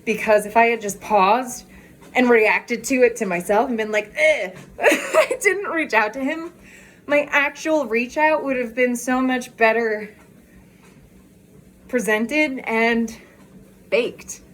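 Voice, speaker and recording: A woman's voice: on the high side, slow, fairly bright tone. A woman vlogger chatting candidly in a casual walk-and-talk video, talking outdoors as she walks.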